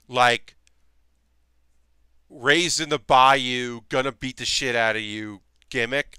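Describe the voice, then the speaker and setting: Brief: male streamer, bright tense voice, rambly casual chat from a home workshop. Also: mid-range voice, smooth, dry recording, studio quality. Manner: rambling, chatty, many fillers. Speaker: streamer building costume armor.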